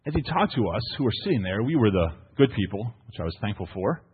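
A man's voice: on the low side, sing-song, fast, slightly rough, in a large hall, phone-quality sound. A pastor, preaching a sermon to his congregation in a playful storytelling manner, often asking "right?". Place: church.

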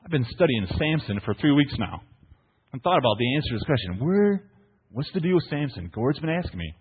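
A man's voice: medium pitch, very animated, brisk, husky, long reverb tail, phone-quality sound. A pastor, preaching a sermon to his congregation in a playful storytelling manner, often asking "right?". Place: church.

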